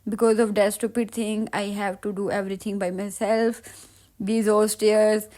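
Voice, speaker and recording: Mellow-voiced young woman vlogger. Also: medium pitch, level tone, normal speed. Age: young adult. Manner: chatty, giggly storytelling in simple non-native English. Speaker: travel vlogger. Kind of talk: vlog voice-over narration.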